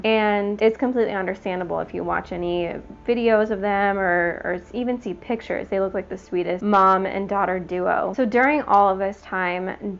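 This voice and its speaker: A woman's voice: mid-range voice, dull audio, a little hiss or hum. A woman hosting a true crime show, telling the story in a chatty, conversational way. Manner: chatty, conversational, frequent "like" and "you know".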